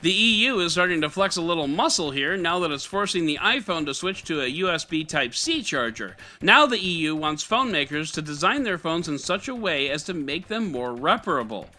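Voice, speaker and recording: Bright, wry, lively tech podcast host. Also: male voice, on the high side, brisk, few pauses, faint music behind. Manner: wry, sarcastic, animated delivery. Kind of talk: scripted tech news podcast.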